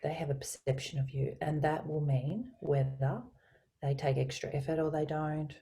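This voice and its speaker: A woman voice coach speaking as a guest on a video call, explaining communication in an expressive, teacherly way. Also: deep voice, normal speed, creaky. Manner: expressive, teacherly, varies her inflection. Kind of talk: explanatory interview talk with spoken tone demonstrations.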